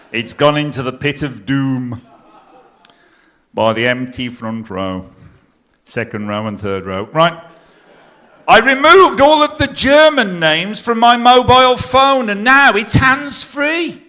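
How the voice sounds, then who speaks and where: A middle-aged man comparing a stage competition, telling jokes with deadpan punchlines and teasing the live audience. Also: fairly high pitch, slow. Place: stage in a pier theatre before a live audience.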